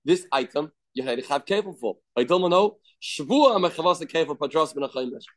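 Guy teaching talmud, higher voice, keeps asking questions and answering them, lots of hebrew and aramaic terms. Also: animated, fairly quick. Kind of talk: daily Talmud class.

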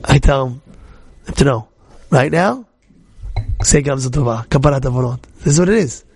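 A middle-aged man, a rabbi, giving an animated Torah talk full of stories, restarts and shouted outbursts. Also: medium pitch, fairly quick, husky.

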